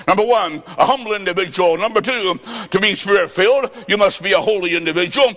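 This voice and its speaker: A high-pitched male preacher delivering a sermon in a large church hall, his voice trailing off in a long reverb. He talks dramatically, swinging from loud shouts to hushed asides with a sing-song cadence. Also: quick pace, few pauses. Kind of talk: sermon with storytelling.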